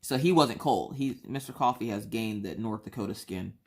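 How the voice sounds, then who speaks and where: A woman's voice: moderate pace, breathy edge. A woman vlogger telling a story in a chatty, slangy way, acting out the voices she quotes. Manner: animated, acts out quoted voices with big pitch jumps; casual slangy talk, addresses viewers as y'all.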